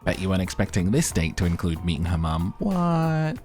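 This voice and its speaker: A man's voice: sits low, fairly even intonation, quick pace, darkish tone. A man narrating a dating game playthrough with playful, wry asides. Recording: music playing behind.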